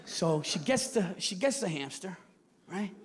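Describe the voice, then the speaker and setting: Man, forties, stand-up comic, high voice, animated delivery, crowd laughing loudly. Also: unhurried. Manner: animated storytelling, shouting punchlines, acting out characters. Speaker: stand-up comedian. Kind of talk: stand-up comedy set. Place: theater stage before a live audience. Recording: live show with loud crowd laughter.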